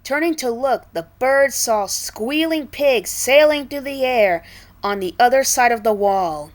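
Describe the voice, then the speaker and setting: A woman's voice: medium pitch, slow. A woman reading a storybook aloud expressively, with small restarts now and then. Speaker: storybook reader.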